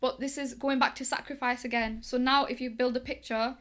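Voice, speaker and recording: A woman's voice: high voice, a little fast. A young woman from England, telling stories in a casual interview and acting out the dialogue. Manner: chatty, lively, acts out quoted dialogue. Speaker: guest, boxing coach.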